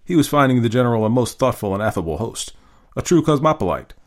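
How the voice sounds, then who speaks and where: A man hosting and reading a classic short story aloud in an expressive, varied narrating style. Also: mid-range voice, fast talker. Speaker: host and story reader. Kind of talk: scripted narration.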